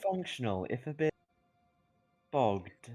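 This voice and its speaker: A man voicing a stiff, formal male robot adventurer with a halting, mechanical way of talking. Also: medium pitch, very animated, mellow, soft background music, voice pushed up.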